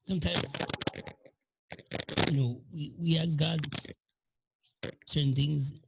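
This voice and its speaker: A man hosting a podcast, talking casually and preachily about faith in a gravelly, husky voice. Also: a little high, fairly even intonation, slow, heavy background noise. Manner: preachy, encouraging. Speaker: podcast host.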